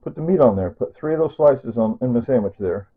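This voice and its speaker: Husky rambling man on tinny audio. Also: mid-range voice, animated, fairly quick. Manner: chatty, repeats himself, self-correcting. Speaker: cooking vlogger. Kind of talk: rambling casual kitchen talk.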